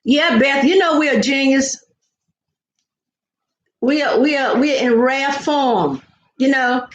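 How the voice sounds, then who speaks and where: An older woman chats playfully from home, looping back on her words as she goes. Her voice sits high. The recording is roomy and echoey, with a dull, lo-fi sound. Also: slow pace. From American South. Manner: chatty, playful, rambling with repeated words. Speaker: vlogger. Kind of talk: casual live-stream chat.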